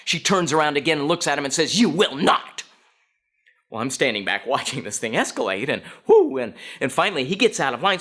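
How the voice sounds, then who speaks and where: A man speaks to an audience with a bright, crisp edge, his pitch swinging widely as he tells his story. He often turns to his listeners with direct questions.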